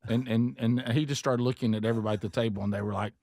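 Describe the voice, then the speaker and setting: A man hosting a talk radio show tells a story in a casual, lively way. His voice sits at a medium pitch and the mic is close and dry. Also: very fast, vocal fry, no room sound. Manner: animated storyteller, slips into a mock New York accent.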